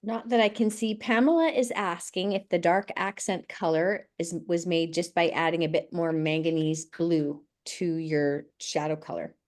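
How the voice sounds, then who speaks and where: Lower-voiced woman relaying class questions. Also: fairly even intonation, normal speed, few pauses, darkish tone. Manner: plain, relays viewer questions.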